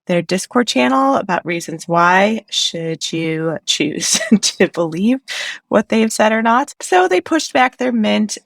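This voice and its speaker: A woman's voice: on the low side, creaky, no room sound, clean studio sound. A woman with a Chicago accent hosting a casual explainer video, chatty and self-deprecating, laughing often. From Chicago, US Midwest. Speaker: crypto video host.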